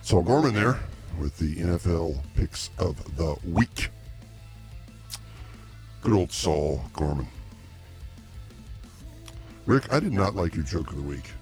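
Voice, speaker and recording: A very low-pitched man hosting a comedy show with blunt, gruff banter. He snaps at his co-worker and sounds easily irritated. Music plays clearly behind him. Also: animated, slow pace, pauses often, darkish tone.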